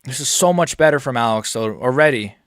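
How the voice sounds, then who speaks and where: A man's voice: medium pitch, lively intonation, brisk, fairly bright tone, no room sound, studio quality. A young man streaming a live fight reaction, talking casually to his viewers in a muttered, profane running commentary. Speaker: MMA streamer.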